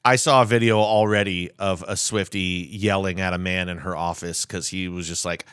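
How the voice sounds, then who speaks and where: A man's voice: sits low, steady tone, normal speed, fairly bright tone, smooth, dry recording. A man co-hosting a podcast, talking in a dry, grumbling, profane way. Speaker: podcast co-host. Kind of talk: casual chat.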